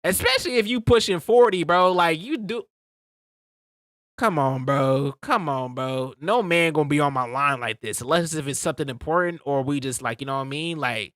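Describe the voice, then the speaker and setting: A man's voice: on the high side, lively intonation, moderate pace, fairly bright tone, dry recording, studio quality. A man streaming, reacting to a clip in a casual, slangy way, often laughing.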